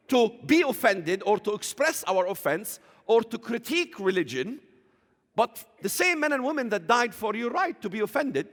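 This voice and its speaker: A combative man preaches as a church guest, his bright, cutting voice pushing emphatically toward shouts. His pitch sits high and swings wildly from line to line, and long reverb from the church hall trails every word of this fiery talk.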